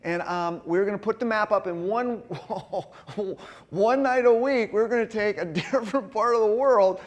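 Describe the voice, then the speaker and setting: A middle-aged man giving a sermon-style talk to a men's gathering, telling personal stories in a folksy, animated way. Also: high voice, moderate pace. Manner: folksy, animated storytelling with frequent asides to the group. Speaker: speaker at a men's ministry gathering.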